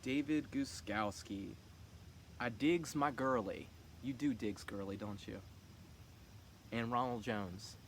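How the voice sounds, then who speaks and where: A man's voice: medium pitch, takes it slowly, long pauses, a little hiss or hum. A man running a fantasy football league, talking casually and teasing the other players with cocky trash talk.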